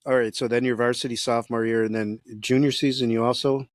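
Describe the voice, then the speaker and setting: Podcast host guy, mid pitch, dry sound, just keeps the questions coming. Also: fast, dry recording. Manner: steady, prompting questions. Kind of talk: interview questions.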